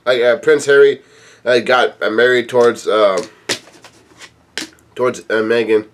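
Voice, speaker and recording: A man's voice: mid-range voice, steady tone, unhurried, slight background noise. A man casually reading a comic chapter aloud and breaking off for offhand comments. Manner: reads text aloud, breaking off for offhand asides. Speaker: manga chapter reader and commentator.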